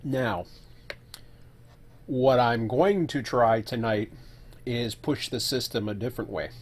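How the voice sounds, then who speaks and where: A man casually talking through a solo live stream, thinking aloud with fillers and self-corrections, sometimes while eating. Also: mid-range voice.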